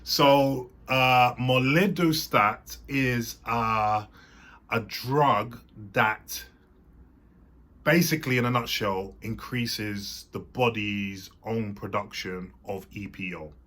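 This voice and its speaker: A man's voice: mid-range voice, slow pace, fairly bright tone. A man hosting his own channel, explaining a topic in a casual, meandering monologue full of fillers and restarts. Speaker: host.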